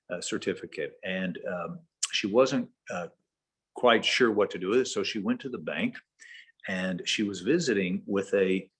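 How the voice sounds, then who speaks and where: Male webinar speaker, husky, folksy lecture with tag questions. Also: fairly low pitch, a bit bright. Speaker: leadership trainer, webinar speaker. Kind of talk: conversational lecture with storytelling.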